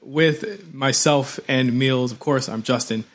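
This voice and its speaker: A man's voice: medium pitch, slow pace. A man hosting a wrestling podcast, talking emphatically and repeating himself for effect. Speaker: podcast host. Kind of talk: casual wrestling chat.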